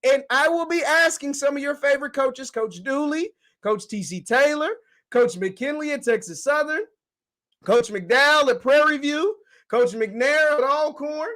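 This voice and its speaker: A man hosting a casual sports call-in show, talking in an animated way with callers. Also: very high-pitched, measured pace. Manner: animated, laughs along with callers. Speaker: host.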